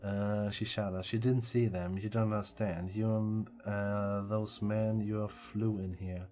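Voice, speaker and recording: A man's voice: on the low side, little pitch movement, a little slow, mellow, faint music behind, natural voice. A man voicing a frightened, shaken young woman who pleads with her father. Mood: upset.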